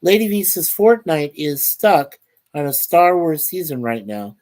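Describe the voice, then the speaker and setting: A man's voice: fairly high pitch, very animated, measured pace, darkish tone. A man hosting a casual live stream. He reads chat messages aloud and talks in an upbeat, rambling way. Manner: upbeat and easily delighted.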